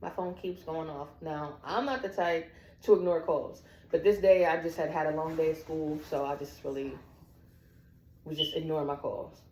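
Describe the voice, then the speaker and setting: A woman's voice: sits low, moderate pace. A woman telling her own family story, acting out the quoted dialogue as she goes. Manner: animated, acts out quoted dialogue. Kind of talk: personal storytelling. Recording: echoey room.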